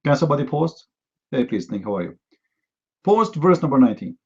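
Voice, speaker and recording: Hosting a heated live online debate, a man speaks brisk, sing-song non-native English full of fillers and repetition, firing off mocking rhetorical questions. His mid-range voice is gravelly and slightly rough, and the audio sounds dull.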